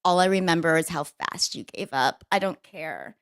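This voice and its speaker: A woman co-hosting a casual talk show, telling stories in a brash, profane, animated way. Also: deep voice, moderate pace, smooth. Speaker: co-host.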